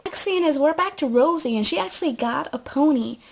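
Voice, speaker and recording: A woman's voice: high voice, lively intonation, a little fast, vocal fry, a little mellow. Chatty young woman, rambling, filler-heavy. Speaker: YouTuber recapping a TV show. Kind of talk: casual chatty recap. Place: at home.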